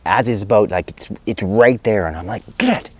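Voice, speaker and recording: Middle-aged male vet, low voice, loose and chatty with many fillers and restarts. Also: brisk, breathy edge. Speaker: veterinarian. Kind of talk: casual spoken advice video.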